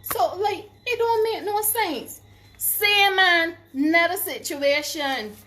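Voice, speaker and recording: A middle-aged woman, telling stories in a casual vlog, animated, laughing often, and stopping to give advice. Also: very high-pitched, slow pace, slight background noise. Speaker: vlogger.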